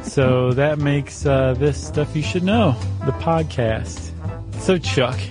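A man's voice: on the high side, takes it slowly, music in the background. A middle-aged man with a General American accent, hosting a podcast in casual, teasing chat. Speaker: podcast host.

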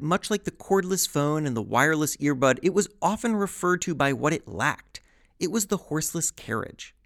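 Lively, gravelly-voiced male podcast host. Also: a little high, no echo, clean studio sound. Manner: lively, wry, chatty asides. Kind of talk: scripted podcast narration.

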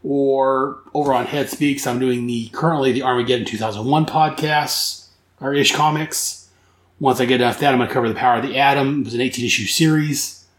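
A man's voice: medium pitch, steady tone, fairly quick, echoey room. A man hosting a podcast, recapping comics casually in a rambling, enthusiastic way that corrects itself as he goes. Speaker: comic book podcast host.

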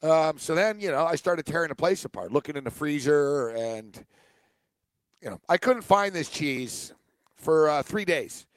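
Guy rambling thru a story on sports radio, kinda high voice, lots of uhs. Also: lively intonation, unhurried, no room sound. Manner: rambling storyteller, many fillers and restarts. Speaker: radio show co-host. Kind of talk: casual sports radio banter.

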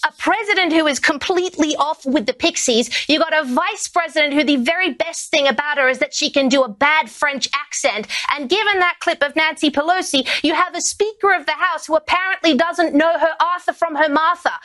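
A woman's voice: sits high, a little fast, hardly any pauses, sharp tone. A woman commenting on TV news, mocking, with long run-on sentences.

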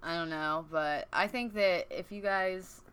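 A woman's voice: lowish voice, unhurried, fairly bright tone, smooth. A woman co-hosting a podcast, talking earnestly and giving direct advice. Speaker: podcast co-host. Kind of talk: casual chat.

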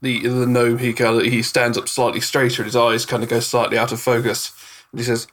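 A man's voice: mid-range voice, completely flat delivery, brisk, a bit bright. Guy narrating a dnd scene, easygoing, um-ing a lot. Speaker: game master. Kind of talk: narrating a tabletop game.

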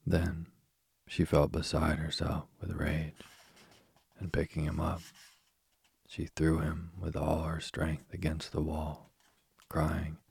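A man reading a fairy tale aloud at a slow, even pace. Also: very deep voice, vocal fry, slightly rough, dry recording. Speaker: narrator. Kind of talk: storybook reading.

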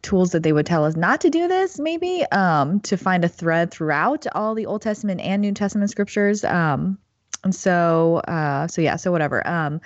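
A woman's voice: on the low side, lively intonation, moderate pace, no room sound. Hesitant woman on a dull video call. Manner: hesitant, lots of fillers and hedging. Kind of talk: casual conversational discussion.

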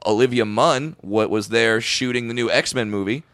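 A man's voice: medium pitch, fairly bright tone, clean tone, dry recording, studio quality. A man co-hosting a comedy podcast, quipping and stumbling over his words as he jumps in. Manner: stammering restarts, quick agreeing quips. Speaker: comedian co-host. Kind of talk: casual comedy podcast banter.

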